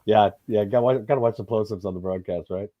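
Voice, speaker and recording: A man's voice: on the low side, fast, dry recording, highs cut off. A man co-hosting a casual chat in a laid-back way, with short replies and chuckles. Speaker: co-host.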